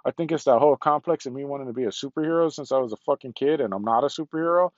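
A man's voice: medium pitch, very fast, no echo, dull audio. A middle-aged man venting on a solo podcast from a parked car, rambling and frustrated, swearing a lot and sounding congested.

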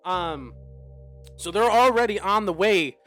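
A young man co-hosting a casual podcast, excitedly retelling a show scene with sound effects and swearing. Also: high-pitched, measured pace, soft background music. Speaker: podcast co-host. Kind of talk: casual chat.

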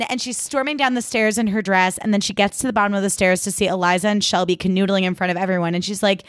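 A woman's voice: mid-range voice, fairly even intonation, fast, hardly any pauses, no room sound, studio quality. A woman hosting a podcast, recapping a TV episode in casual chat, swearing freely and saying "like" a lot. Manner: chatty, swears freely, lots of "like". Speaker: podcast host.

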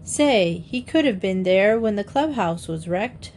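A woman plays a friendly young man who talks in a relaxed, easy way. His delivery stays slow and unhurried, in a mid-range voice. Faint noise sits under the reading. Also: mid-range voice. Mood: easygoing. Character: young man Tom, easygoing and kind driver.

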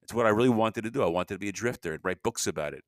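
A man's voice: on the low side, rapid-fire, dry recording, clean studio sound. Rambling older man ranting solo. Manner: rambling, restless, rants with sudden bursts. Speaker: podcast host.

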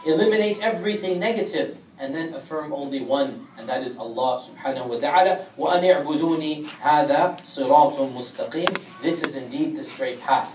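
A man teaching a Quran commentary class, speaking emphatically and reciting Arabic verses rapidly. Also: mid-range voice. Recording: echoey room, distant mic, faint hiss.

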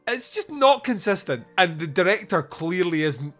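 A man's voice: sits high, very animated, normal speed, a bit bright, soft background music. A man hosting a podcast, reviewing a film in casual comic chat, laughing often and swearing as he acts out scenes.

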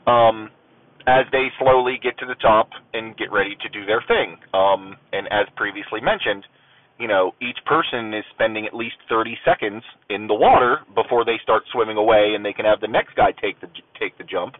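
A man's voice: fairly low pitch, moderate pace, no echo. A man casually telling a long personal story in a rambling, profane, self-deprecating way, with lots of fillers. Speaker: storyteller recounting Navy boot camp. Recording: tinny phone-like audio with faint noise.

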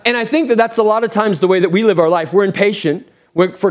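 A male pastor in his thirties preaching from the pulpit, his voice sitting slightly high. He tells stories animatedly, acting out bits of dialogue and repeating key phrases for emphasis. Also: fast, hardly any pauses. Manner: animated storytelling, with energetic re-enacted dialogue and repetition for emphasis. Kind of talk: sermon.

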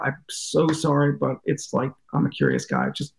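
A man's voice: on the high side, big pitch swings, brisk, vocal fry, hardly any pauses. A man, a journalist and podcast guest, telling rambling, self-deprecating stories in casual interview talk and acting out what people said. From United States. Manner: rambling anecdotes, curious, self-deprecating, acts out quotes.

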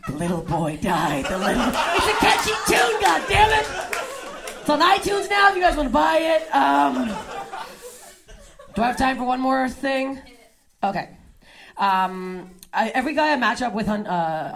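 A young woman doing stand-up comedy, telling crude stories and throwing quick asides to the audience. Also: mid-range voice, gravelly. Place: comedy club stage before a laughing crowd. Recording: live club with audience laughter.

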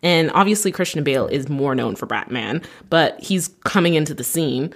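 A woman's voice: sits low, animated, normal speed. A young woman vlogger in casual, rambling chat, often correcting herself. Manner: rambling, self-correcting, chatty.

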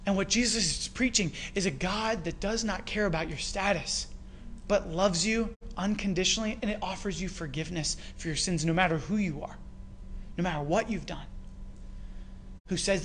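A Canadian man preaching a sermon, retelling a story with rhetorical questions and lively emphasis. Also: sits high, normal speed, slight background noise. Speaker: pastor.

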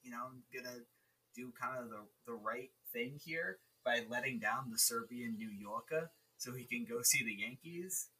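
Bright-voiced man, rambling and jokey. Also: medium pitch, moderate pace, recorded from a distance, poor audio. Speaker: podcast co-host. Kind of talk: casual movie-review chat. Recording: voice slightly off-mic.

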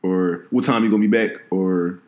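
A young man in casual chat, telling animated stories about his parents and quoting them. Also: sits low, moderate pace, reverberant. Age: young adult.

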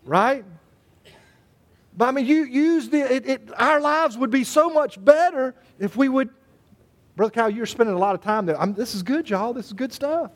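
Male pastor, high voice, folksy preaching, jokes with the congregation. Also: brisk. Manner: folksy, joking, addresses congregation by name. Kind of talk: sermon.

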